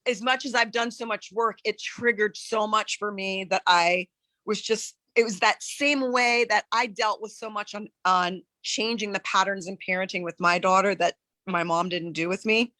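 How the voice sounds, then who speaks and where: A woman on a live coaching call, talking in an earnest, searching way with many halting restarts. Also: mid-range voice, fairly even intonation, bright, forceful tone, dry recording. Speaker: coaching client.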